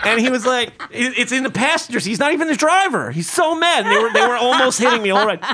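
Very high-pitched, bright-voiced man. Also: quick pace, slightly rough. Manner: profane, animated storytelling with acted-out quotes. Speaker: podcast co-host. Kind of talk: casual chat.

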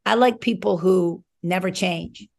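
This woman's voice is lowish, creaky and darkish, and she takes her time. She once coached in college and now guests on a talk show, talking sports in a conversational, emphatic way full of rambling asides.

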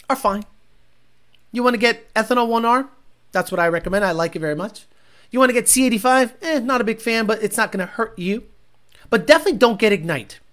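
A man hosting a livestream and reading chat, talking bluntly and profanely, often bursting into loud shouts. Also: high-pitched. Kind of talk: casual ranting chat.

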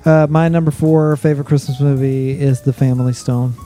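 Male podcast co-host, warm mellow tone, chatty storyteller, faint music bed. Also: mid-range voice, steady tone, brisk. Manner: chatty storyteller, laughs often. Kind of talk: casual chat.

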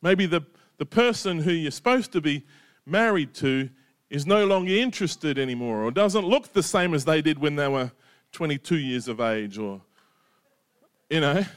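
A man's voice: a little high, animated, moderate pace, clean tone, no room sound, clean studio sound. A middle-aged man preaching a sermon in a conversational way, often checking in with "right?" and "you know". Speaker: pastor.

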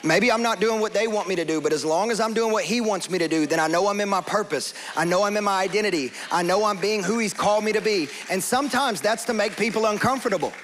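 Young pastor, high voice, lively storytelling sermon. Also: male voice, fast talker, few pauses, slight background noise. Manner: storytelling, animated, acts out quoted voices.

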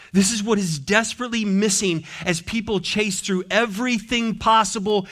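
A man preaching a sermon as pastor, moving between soft, gentle consoling passages and emphatic, repeated declarations. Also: sits high.

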